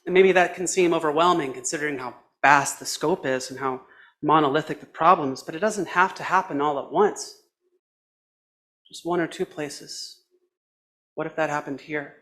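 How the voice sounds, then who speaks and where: A man preaching a sermon as a minister, with a measured, reflective delivery in short phrases. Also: fairly high pitch, a bit bright.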